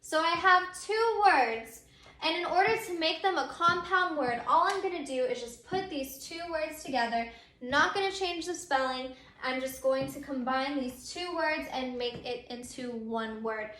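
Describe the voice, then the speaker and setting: Woman teacher, high voice, patient and repetitive, echoey room. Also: unhurried, pushed and bright. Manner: patient, repetitive explaining with many ums. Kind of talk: recorded grammar lesson.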